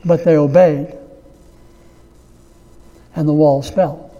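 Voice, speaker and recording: A pastor delivering a sermon, preaching slowly and emphatically, repeating key phrases. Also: male voice, a little high, steady tone, mellow, long reverb tail, dull audio.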